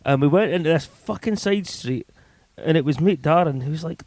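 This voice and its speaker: A man's voice: fairly high pitch, animated, fairly quick, darkish tone, no echo. A man telling rowdy anecdotes on a podcast, swearing freely. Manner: swears freely, loose storytelling with acted quotes. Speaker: podcast co-host. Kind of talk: casual chat, anecdotes.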